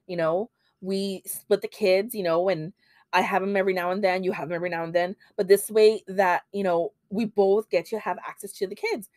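A woman's voice: mid-range voice, moderate pace, darkish tone, dry recording. Woman gabbing thru a true crime story, lots of "you know", tosses in spanish bits, dry close sound. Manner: chatty, many fillers, drops Spanish phrases; acts out quoted lines in a heated voice. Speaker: podcast host.

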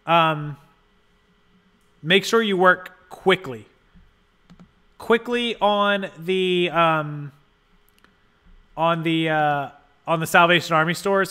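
High, bright-voiced livestream host. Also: male voice, slow pace, long pauses, clean tone. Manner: rambling, thinks aloud while fiddling with settings; thanks viewers for donations. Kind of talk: casual live-stream chat.

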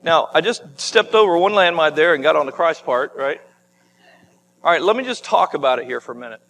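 A high-voiced male pastor preaching in a church, loose and conversational, often restarting mid-phrase. His voice rings through a reverberant sanctuary with a faint hum underneath. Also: expressive, fairly quick, fairly bright tone. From United States. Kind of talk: sermon.

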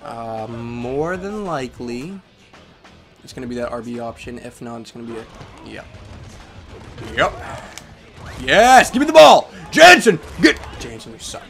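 A young man commentating his own football video game, trailing off into mumbles and then bursting into angry yells at the players. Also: medium pitch, big pitch swings, unhurried, pauses often, over music. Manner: swings from mumbling to yelling at the game. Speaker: gaming commentator. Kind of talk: let's play commentary. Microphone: headset or desk microphone.

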